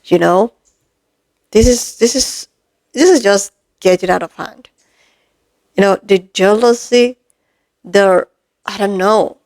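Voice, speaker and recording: A woman's voice: mid-range voice, a little mellow, low-quality recording. A woman vlogger giving heated commentary to camera, firing off emphatic rhetorical questions and calling her viewers "lovelies". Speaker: commentary creator.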